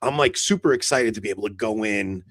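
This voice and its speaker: A man's voice: lowish voice, fast talker, a bit bright, no room sound. A man co-hosting a podcast in casual chat, telling a long rambling story full of "like" fillers and acted-out dialogue. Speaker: podcast co-host.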